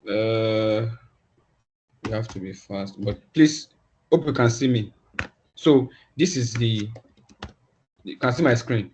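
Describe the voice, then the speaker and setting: A man teaching a class online, talking in halting phrases and often repeating words as he thinks aloud. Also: lowish voice, darkish tone, slight background noise. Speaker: instructor. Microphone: video call. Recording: dull lo-fi video call audio.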